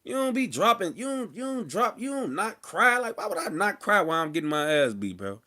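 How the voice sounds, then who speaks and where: A man speaks as an interview guest, telling a story in loose, slang-filled talk. His voice sits fairly high and swings widely in pitch. He jumps into loud acted-out quotes of the people in the story. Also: a little fast. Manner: animated, slangy, acts out quotes loudly. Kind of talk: casual storytelling.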